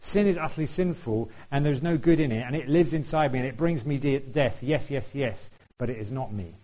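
A man's voice: mid-range voice, a little fast, warm tone, poor audio. A man preaching a sermon in a conversational way, putting questions to the congregation and laughing now and then.

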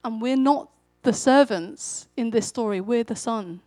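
A woman with a fairly high, darkish voice preaches at a measured pace, telling the story in an easy, chatty way. She becomes energetic when acting out a character's lines. The recording is dry and close.

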